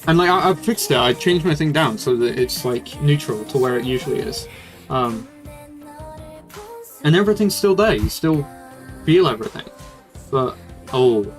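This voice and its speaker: A man's voice: medium pitch, animated, moderate pace, pauses often. Young guy rambling thru a livestream music review, loose and casual, faint music behind. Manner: rambling, loose, with fillers and swearing.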